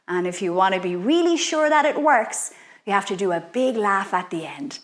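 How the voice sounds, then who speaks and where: A woman leading a playful children's activity, guiding young listeners through chants and spells in an animated, sing-song way. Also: mid-range voice, moderate pace. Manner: animated, sing-song, exaggerated sounds for kids. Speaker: children's workshop leader.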